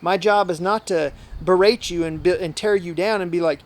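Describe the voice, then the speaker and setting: Outfitter guest, male, high-pitched, earnest and talkative; tells long stories and plays out the dialogue himself. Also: normal speed. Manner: earnest, talkative, often acts out quoted dialogue. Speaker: hunting outfitter and guide. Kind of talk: casual storytelling in a podcast interview.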